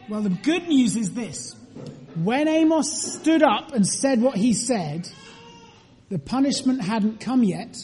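Her voice a little high and a little mellow, a woman guides a children's talk in a reverberant church room. She asks the children questions and waits for answers, speaking slowly, clearly and with deliberation.

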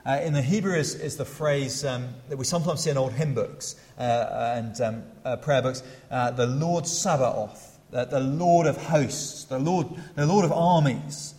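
A middle-aged man preaching a sermon in a church, his voice carried by the long reverb of a large hall. He hesitates often, filling gaps with "uh" and restarting phrases, then grows animated when he acts out a crowd. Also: mid-range voice, unhurried, few pauses.

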